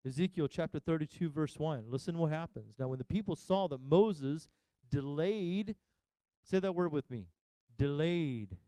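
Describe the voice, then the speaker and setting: A man preaching a sermon as pastor, talking straight to his listeners, asking them questions and pausing for effect. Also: a little high, dark tone, no room sound, rough recording. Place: church.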